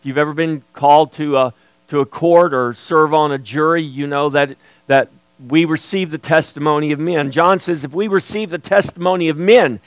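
A man's voice: fairly high pitch, moderate pace, clear, resonant tone, no echo. A man preaching an expository sermon as pastor, earnest and emphatic.

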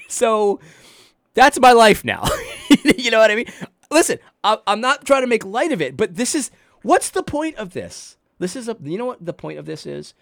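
A man's voice: high-pitched, moderate pace, creaky, no room sound, studio quality. A middle-aged man hosting a Christian commentary channel, talking with passion and sarcasm, often restarting his words. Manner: animated, restless, repeats and restarts words, sarcastic. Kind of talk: impassioned religious commentary.

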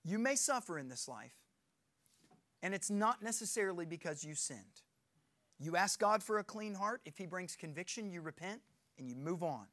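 A man's voice: high-pitched, animated, normal speed, fairly bright tone. Earnest, emphatic male preacher. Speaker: pastor. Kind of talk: sermon.

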